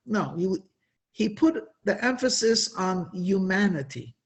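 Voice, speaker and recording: A man giving an inspirational religious talk at a Hasidic gathering, telling stories with emphatic, drawn-out stresses. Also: high-pitched, animated, a bit bright.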